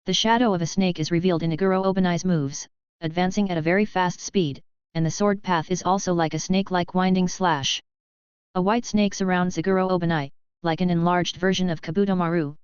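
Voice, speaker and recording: A woman narrates a web-novel audiobook in a steady, even reading. Her voice is low and very smooth, close and dry, on a slightly dull, lo-fi recording. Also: a little fast, no room sound.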